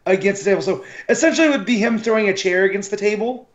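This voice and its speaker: A man co-hosting a casual comic podcast, enthusiastic and halting. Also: sits high, echoey room, muffled recording. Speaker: podcast co-host. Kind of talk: casual chat.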